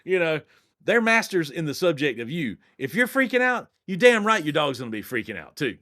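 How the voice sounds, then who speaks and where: A middle-aged man, talking as a podcast guest in an animated, blunt, joking way with some cursing. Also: on the high side, a little fast. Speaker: dog training company owner, guest. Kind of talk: energetic podcast interview.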